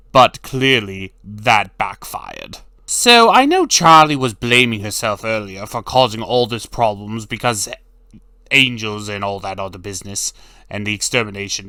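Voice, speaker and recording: Lively, bright-voiced male cartoon reviewer. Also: fairly low pitch, no room sound. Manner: blunt, sarcastic, swears freely. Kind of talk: casual recap commentary.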